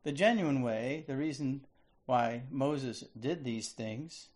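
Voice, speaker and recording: A man's voice: mid-range voice, a little mellow. A man preaching a sermon, reading scripture aloud and explaining it. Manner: slow, deliberate delivery.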